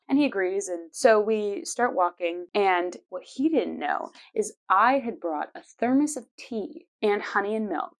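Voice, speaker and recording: A woman's voice: mid-range voice, lively intonation, normal speed, few pauses. A woman in her twenties, hosting her own show and playfully telling personal stories with frequent laughs. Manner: chatty and playful, laughs often. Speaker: podcast host. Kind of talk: casual personal storytelling.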